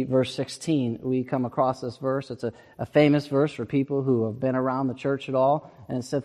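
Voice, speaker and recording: A man's voice: medium pitch, a little mellow. A male pastor giving an emphatic, earnest sermon and repeating words for stress. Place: church sanctuary. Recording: long reverb of a church sanctuary.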